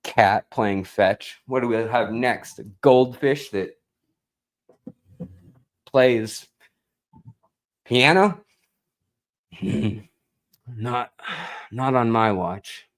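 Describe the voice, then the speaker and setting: A man hosting a live stream in casual chat, rambling and slow, now and then talking baby talk to his cat. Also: mid-range voice, poor audio.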